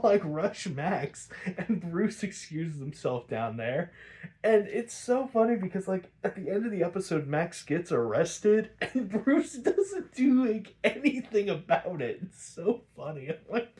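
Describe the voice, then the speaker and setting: A man's voice: sits high, big pitch swings, unhurried, darkish tone. A man casually recapping a cartoon episode, rambling, swearing and laughing often.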